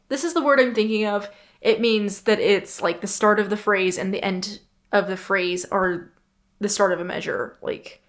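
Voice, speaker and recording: A young woman hosting a solo podcast in a casual, rambling, chatty way, often stopping to correct herself. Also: mid-range voice. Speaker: podcast host.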